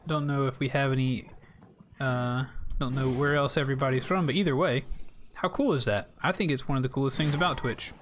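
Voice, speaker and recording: US guy, young, game streamer, talks loosely and straight to chat, mid-pitched voice. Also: steady tone, brisk, a little hiss or hum. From South Carolina, United States. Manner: rambling, chatty, addresses viewers directly. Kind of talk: casual live-stream chat while playing.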